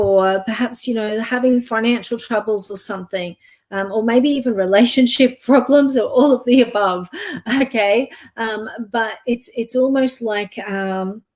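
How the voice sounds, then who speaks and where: A soft-spoken woman gives a live psychic reading online. She speaks gently and hesitantly, pausing on fillers as she goes. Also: fairly high pitch. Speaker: psychic reader.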